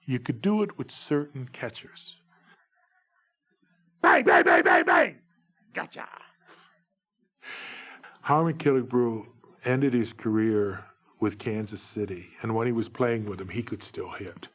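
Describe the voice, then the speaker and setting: A man in his forties, a former baseball umpire, telling humorous stories in a lively, jokey way. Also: medium pitch, normal speed, slightly rough. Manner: lively, jokey, breaks into shouted umpire calls. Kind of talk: humorous anecdotal storytelling.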